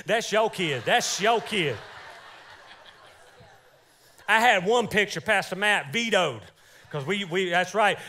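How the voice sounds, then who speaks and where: A man preaching a lively, joking sermon in church as pastor, calling out for amens. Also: high-pitched. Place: church sanctuary.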